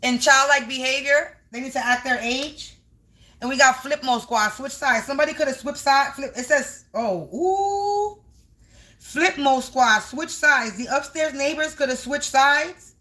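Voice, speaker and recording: A woman's voice: high-pitched, steady tone, moderate pace, pushed and bright. A woman doing a casual spiritual reading on a livestream from home, emphatic and repetitive, talking straight to her viewers.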